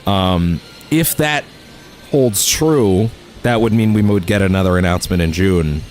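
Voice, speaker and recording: A man's voice: low voice, measured pace, a little mellow, slight background noise. A man hosting a let's play on a studio microphone, rambling casually with lots of fillers and self-corrections. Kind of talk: casual gaming commentary. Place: home recording setup.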